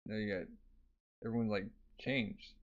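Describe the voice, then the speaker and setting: A man's voice: fairly low pitch, fairly even intonation, normal speed. Laid-back man reading manga aloud. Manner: laid-back, filler-heavy asides. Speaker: manga reader. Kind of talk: casual manga read-through with commentary. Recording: slightly dull lo-fi audio.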